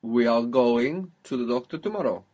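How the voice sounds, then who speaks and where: A man teaching a spoken language lesson, patiently prompting his student with questions and modelling phrases slowly. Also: mid-range voice, animated, a little mellow.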